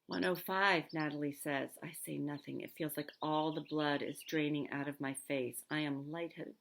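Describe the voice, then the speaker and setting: A woman's voice: low voice, fairly even intonation, normal speed, vocal fry, hardly any pauses. A woman teacher reading a novel aloud with expression, stopping now and then to comment on the story.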